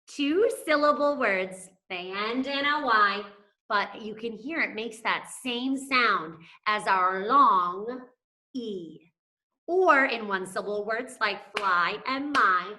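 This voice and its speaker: A woman's voice: mid-range voice, pushed and bright, slight background noise. A woman teacher giving a phonics lesson to young children, stretching out and stressing words so they can follow. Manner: slow, drawn-out words stressed for young learners.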